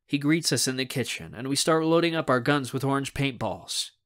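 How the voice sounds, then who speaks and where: A man narrating a young adult novel in the first person, expressive and acting out the scenes. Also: mid-range voice, fairly quick. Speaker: audiobook narrator.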